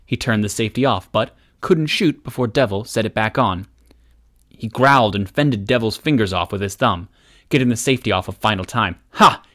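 A man narrating an action story aloud as an audiobook reader, in a steady, measured way. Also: fairly low pitch. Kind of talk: scripted narration.

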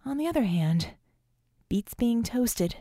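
A quick-witted young woman tech hero, as an audiobook reader plays her, joking and rushing through plans in a lifted, mellow voice. The recording is close and dry. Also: a little high, very animated, no echo, voice pushed up, heavily acted.

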